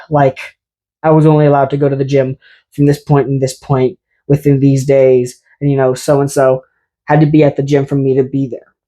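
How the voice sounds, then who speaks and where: A man's voice: on the high side, a little mellow. Sarcastic man ranting to camera. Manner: sarcastic, exasperated ranting with self-aware asides. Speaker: fitness YouTuber. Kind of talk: ranting vlog monologue.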